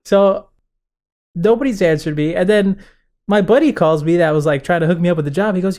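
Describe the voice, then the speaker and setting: A young man with a somewhat high voice tells an animated story in relaxed podcast chat. He acts out the other people's lines and laughs easily along the way. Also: fairly quick. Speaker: podcast co-host. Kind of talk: casual chat.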